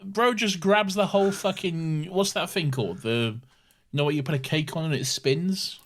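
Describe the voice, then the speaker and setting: A man's voice: on the high side, normal speed. A young man co-hosting a podcast in casual chat, ranting and joking with heavy swearing. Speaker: podcast co-host.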